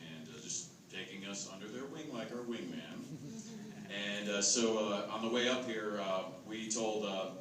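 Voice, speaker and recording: A man on a charity ride team telling a relaxed story with many hesitations. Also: fairly low pitch, moderate pace. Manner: relaxed, hesitant, lots of "uh" fillers. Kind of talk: casual storytelling to a camera. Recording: echoey, distant, noisy.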